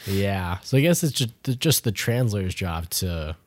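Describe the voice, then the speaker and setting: A man's voice: sits low, sing-song, normal speed, dry recording, studio quality. A man co-hosting a podcast, playful and jumping between ideas in casual chat. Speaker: podcast co-host.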